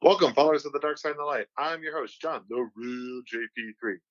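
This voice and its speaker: A man's voice: on the high side, a little fast, no room sound. Rambling male podcast host, muffled. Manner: rambling, with lots of "like" and "uh". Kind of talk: casual chat.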